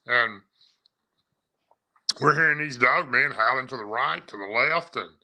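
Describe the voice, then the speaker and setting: A man's voice: medium pitch, measured pace, gravelly, sharp tone, low-quality recording. Folksy man recounting a scare. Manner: rambling, repeats himself, folksy phrasing. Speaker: eyewitness recounting an encounter. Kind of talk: casual first-person storytelling.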